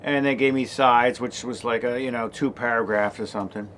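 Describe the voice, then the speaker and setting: A man's voice: medium pitch, steady tone, brisk, fairly bright tone, slight background noise. A man in his sixties casually telling the story of his late start as an actor, rambling with many fillers and restarts.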